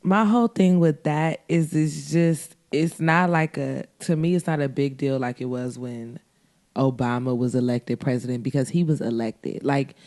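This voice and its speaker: A woman's voice: a bass voice, steady tone, normal speed, darkish tone. A woman co-hosting a podcast in casual chat, telling stories and mimicking people in shifting voices. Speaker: podcast co-host.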